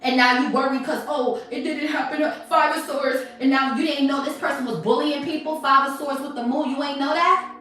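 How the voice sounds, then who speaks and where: A woman's voice: sits high, steady tone, a little fast, few pauses, a bit bright. A woman doing a livestream tarot reading who turns to profane, confrontational scolding of her viewers. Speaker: tarot reader. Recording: very echoey room, voice from a distance, faint music.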